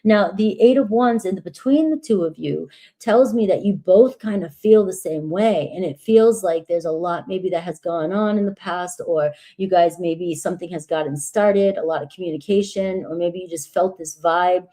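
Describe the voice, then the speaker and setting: A woman reads tarot cards live for her viewers, and her voice is husky from just waking up. Her pitch sits low and her tone is warm and mellow. She talks in a chatty, reassuring way and keeps tagging her points with "right?". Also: moderate pace. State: husky morning voice. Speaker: tarot reader.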